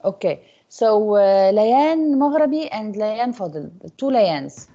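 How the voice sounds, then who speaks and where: A woman teacher speaks to her class in a mellow, slightly husky voice. She keeps checking in with the students with a coaxing "Okay?". The recording is dull and lo-fi. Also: medium pitch, lively intonation, slow. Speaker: English teacher.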